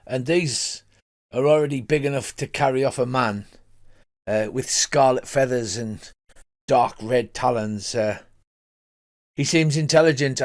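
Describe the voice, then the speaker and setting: Older man running a tabletop game. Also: mid-range voice. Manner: hesitant with many fillers. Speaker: game master.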